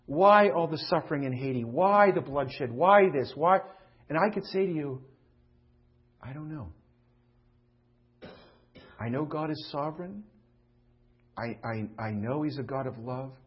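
A middle-aged male pastor preaches with a slightly high-set voice. He rises to loud, pleading questions and then sinks to quiet, confiding asides. The recording sounds dull and lo-fi. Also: expressive, moderate pace. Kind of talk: sermon.

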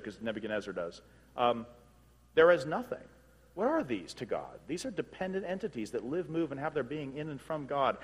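A man preaching a sermon, emphatic, with loud rising bursts and quick laughs. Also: medium pitch, slightly rough. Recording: long hall reverb.

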